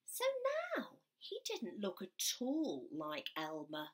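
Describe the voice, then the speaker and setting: Animated woman teacher reading a story. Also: low-pitched, slow. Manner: animated storytelling that leads children in sound effects. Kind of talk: children's musical story time.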